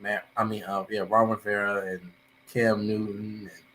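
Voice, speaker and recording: A man's voice: lowish voice, little pitch movement, moderate pace, bright, forceful tone, a little hiss or hum, poor audio. Easygoing young man rambling picks. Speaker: contributor. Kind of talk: casual sports chat.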